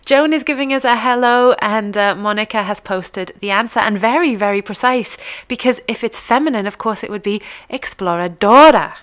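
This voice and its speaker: A woman's voice: fairly high pitch, a little fast, a bit bright. A woman hosting a live radio show, chatting, teasing and reading out listener messages. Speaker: radio host.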